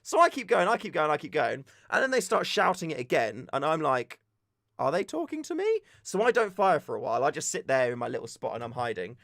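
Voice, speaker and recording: A young man from the UK chatting on a live stream, telling stories with animated back-and-forth retellings. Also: a little high, fast talker, creaky, hardly any pauses, no echo, studio quality. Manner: animated storytelling, acts out shouted exchanges. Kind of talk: casual live-stream chat.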